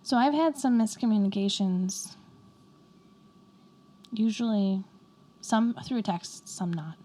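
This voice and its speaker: A woman's voice: medium pitch, lively intonation, slow pace, warm tone, slight background noise. A woman co-hosting a podcast, chatting casually and candidly with friends, often laughing at herself. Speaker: podcast co-host. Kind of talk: casual chat among friends.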